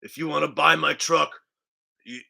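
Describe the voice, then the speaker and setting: Guy doing a spaced-out vaping vlogger dude, flat and plodding, gravelly and kinda sharp. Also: on the high side, normal speed, exaggerated voice. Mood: droning. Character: laid-back vaping male vlogger, rambling about mundane news.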